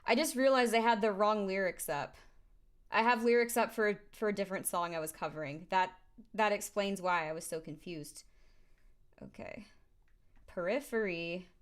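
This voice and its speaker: A woman's voice: medium pitch, normal speed. A woman singer talking casually between vocal takes in her home studio, thinking aloud on a studio condenser mic with a phlegmy morning voice. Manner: chatty, thinks aloud, filler-heavy.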